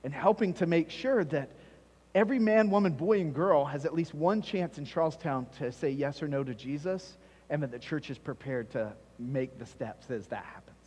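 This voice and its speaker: A man's voice: fairly high pitch, normal speed, a little mellow, husky. A man preaching a sermon as pastor, emphatic and repeating key phrases for stress. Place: church sanctuary. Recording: long reverb of a church hall.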